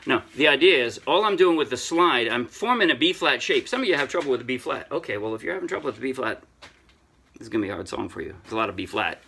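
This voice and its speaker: An older man casually teaching a ukulele song, chatty and self-deprecating, thinking out loud with frequent restarts. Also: medium pitch, sing-song, fast talker, gravelly, slight background noise. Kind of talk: casual music tutorial. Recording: ukulele playing loudly throughout. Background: ukulele playing.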